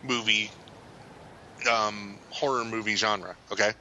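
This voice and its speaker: A man's voice: lowish voice, fairly even intonation, slow pace, pushed and bright, muffled recording, slight background noise. A man co-hosting a podcast in casual chat, rambling and hesitant with a lot of fillers. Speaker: podcast co-host.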